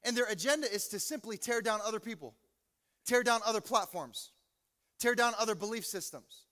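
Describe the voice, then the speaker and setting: A man preaching an energetic, joking sermon as pastor, swinging from loud preaching to low asides. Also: brisk. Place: large church hall. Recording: reverberant hall with music.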